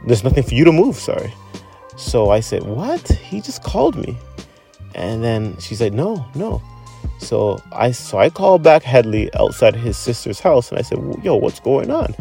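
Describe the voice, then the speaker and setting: Man, casual storyteller, acts out quotes, low mellow tone, faint music underneath. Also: very animated, normal speed, vocal fry. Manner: conversational, acts out quoted speech. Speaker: friend sharing a memorial story.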